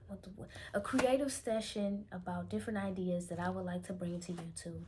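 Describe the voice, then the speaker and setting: Recording an off-the-cuff phone vlog, this young woman from Chicago, Illinois talks fairly quickly with few pauses, her low, slightly mellow voice holding a steady tone. She rambles, self-corrects and speaks candidly in her Chicago accent, with a little background noise.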